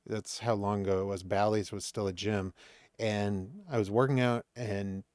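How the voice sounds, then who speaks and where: Man from Maine telling lively stories. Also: lowish voice, normal speed, no echo, studio quality. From Maine, USA. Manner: animated storytelling, acts out quoted exchanges. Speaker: podcast guest, comedian. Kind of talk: casual chat.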